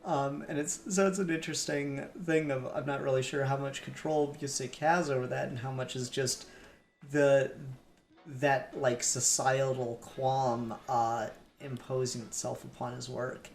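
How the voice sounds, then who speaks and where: A man's voice: medium pitch, level tone, measured pace, creaky, slight background noise. A man co-hosting a podcast, rambling casually with lots of fillers and the odd swear word. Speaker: podcast co-host. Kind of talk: casual comic book discussion. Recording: echoey room with faint music.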